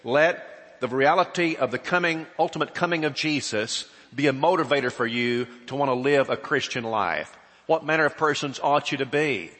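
A man preaching a sermon, emphatic, asking rhetorical questions and swinging between loud stresses and hushed asides. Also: medium pitch, moderate pace, in a large hall.

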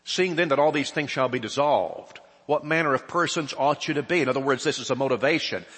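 A man preaching a sermon, emphatic, asking rhetorical questions and swinging between loud stresses and hushed asides. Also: medium pitch, brisk, slightly rough, big-room sound.

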